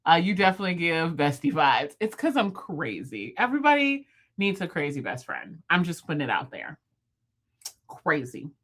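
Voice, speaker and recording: A woman in her thirties hosting a livestream, chatting casually with viewers, fast-talking and playful. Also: lowish voice, big pitch swings, a bit bright. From United States. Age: 30s. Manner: talks fast, chatty and playful, laughs often. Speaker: livestream host. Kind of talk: casual live chat with viewers. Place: at home, in bed.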